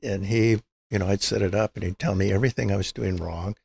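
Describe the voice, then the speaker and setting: An older man with a low, heavily gravelly voice tells long stories as an interview guest. He acts out what the people in his stories said, and his husky voice sounds dry and close to the mic. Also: steady tone, fast talker, a little mellow. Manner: anecdotal, acts out quoted dialogue. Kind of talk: storytelling interview.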